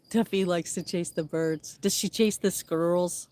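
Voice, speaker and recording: A woman with a low, rugged voice chats casually with her viewers outdoors in her backyard, breaking into a playful singsong to call to the animals. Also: lively intonation, moderate pace, hardly any pauses, darkish tone, a little hiss or hum. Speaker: vlogger. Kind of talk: casual live chat with viewers.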